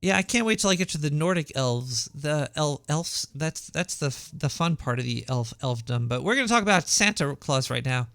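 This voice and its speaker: A man voicing a paranoid cartoon rat host with a shrill voice and a Brooklyn accent, rambling conspiratorially with many stumbling restarts. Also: animated, normal speed, vocal fry, hardly any pauses, a bit bright, no room sound. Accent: Brooklyn New York. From Brooklyn, New York. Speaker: podcast host. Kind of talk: rambling comedic monologue. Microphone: home setup.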